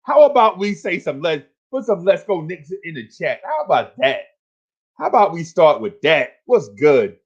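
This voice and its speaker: A man's voice: fairly high pitch, sing-song, normal speed, slightly rough, dull audio. A man hosting a fan livestream, talking casually and hyping up his chat in repetitive, slangy calls.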